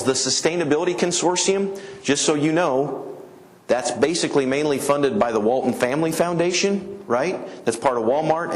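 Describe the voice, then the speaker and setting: A middle-aged man from Colorado giving a conference talk, an animated storyteller who acts out the people he quotes. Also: medium pitch. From Colorado, USA. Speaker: conference speaker. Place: conference hall.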